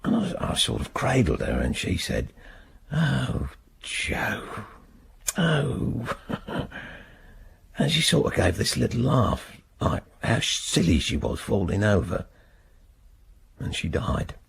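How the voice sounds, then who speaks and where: A bitter older ex-convict with a rough, gravelly British voice. His pitch swings widely as he stumbles through his memories, halting and broken-up. This is radio drama acting. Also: big pitch swings, a little hiss or hum, heavily acted. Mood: haunted. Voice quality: gravelly, husky. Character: gruff older man freed after decades in prison.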